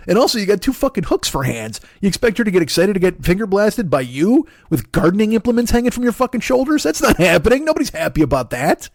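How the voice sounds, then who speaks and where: Forties guy comedian ranting, fast and swearing, pitch jumping all over, dry close sound. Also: no room sound. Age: 40s. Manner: profane, animated, rambling with restarts. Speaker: comedian podcast host. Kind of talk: rambling comic monologue.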